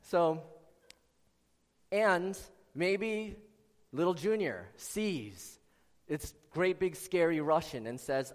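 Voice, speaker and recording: An earnest man preaches to his congregation, calling people out by name as he goes. His voice sits a little high for a man. The sound carries a long reverb from a large church sanctuary. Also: big pitch swings, slow pace. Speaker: pastor. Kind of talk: sermon.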